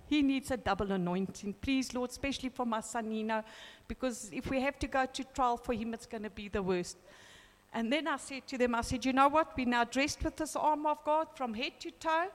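A woman's voice: fairly high pitch, big-room sound. A middle-aged woman gives a heartfelt church testimony, quoting scripture and retelling prayers with emotion. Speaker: church member giving testimony.

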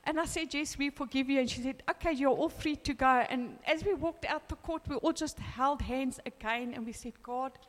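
A middle-aged woman with a high voice tells her testimony before a congregation. She quotes scripture and re-enacts prayers with rising emotion. Her voice carries a long reverb from the hall. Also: normal speed, hardly any pauses. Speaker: church member giving testimony. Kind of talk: church testimony. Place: church.

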